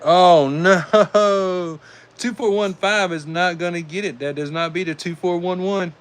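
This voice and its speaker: A man with a Southern US accent calling live die-cast car races, excitable and saying y'all, reading out times as each heat ends. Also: high-pitched, unhurried, clean tone. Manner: excitable, calls out race times, says y'all. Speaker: die-cast race host and commentator. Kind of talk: live race commentary.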